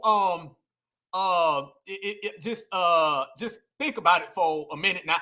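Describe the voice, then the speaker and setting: A man's voice: high voice, very animated, a little slow, sharp tone. A man hosting a heated online reaction commentary, mocking as he talks to his chat.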